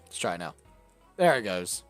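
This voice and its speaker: Young male streamer, casual chat, lively swearing delivery, faint music behind. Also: sits low, normal speed. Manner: swearing, laughing, chatty and animated. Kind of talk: casual live-stream chat while gaming.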